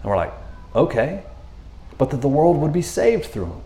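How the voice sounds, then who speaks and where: A man preaches a casual sermon in a loose, animated, conversational style, laughing often and checking in with listeners by repeatedly saying "you know what I mean." His voice is a little high, his pace moderate, and the sound is reverberant.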